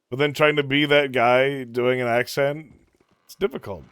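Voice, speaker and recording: A man's voice: mid-range voice, brisk, a bit bright, clear, resonant tone, no room sound, clean studio sound. A man streaming live in a casual chatty way, joking and laughing often.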